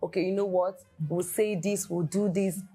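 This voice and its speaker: A woman with a Nigerian accent, chatting casually as a host. She tells stories in an animated way and laughs often. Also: medium pitch, moderate pace, breathy edge, soft background music. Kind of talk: casual conversation.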